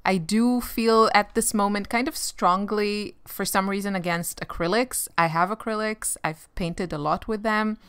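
A woman's voice: mid-range voice, fairly even intonation, unhurried, few pauses, a bit bright, smooth, no echo. A woman art vlogger chatting casually while she sketches, rambling with many fillers and frequent laughs.

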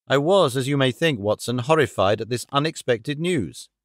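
A man narrating a classic audiobook in a measured, formal storytelling manner. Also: mid-range voice, expressive, dry recording, studio quality.

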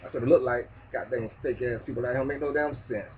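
A man ranting in a loud, preachy, profane street manner in a vlog monologue. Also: medium pitch, fairly even intonation, fast, slight background noise. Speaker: vlogger. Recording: distant tinny phone-like sound.

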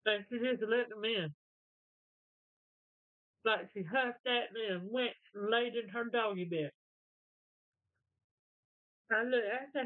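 A woman's voice: a little high, takes it slowly, long pauses, dry recording. A woman chatting casually while eating, telling rambling, folksy stories. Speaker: mukbang vlogger. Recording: tinny, dry phone-like sound.

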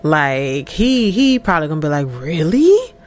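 A woman giving chatty, animated let's-play commentary over a life-sim game, laughing often. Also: fairly low pitch, normal speed, a little hiss or hum. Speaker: gameplay commentator.

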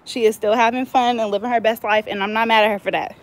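Fast-talking and fairly high-pitched with a steady tone, this Bay Area woman chats to the camera from home. She's breathless while showing off her new braids, joking around and packing her speech with slang.

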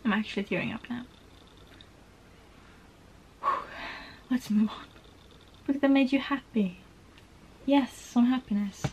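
A woman's voice: on the high side, warm tone, slight background noise, rough recording. Gushing young woman, bookish vlogger. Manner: gushing, emotional, rambling with many "like"s. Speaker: book vlogger. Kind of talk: casual book tag vlog.

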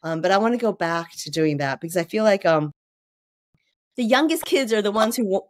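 A woman guest on a podcast, chatting casually about writing children's books and telling lively stories that act out other people's voices. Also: medium pitch, fairly quick. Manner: lively storyteller who acts out quoted voices. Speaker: guest, children's book author.

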